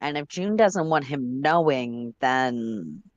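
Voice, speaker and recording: A livestream co-host reads a fan story aloud in second person, casually stopping to laugh and chat along the way. The voice is medium-pitched, expressive, and slow, with the high frequencies cut off.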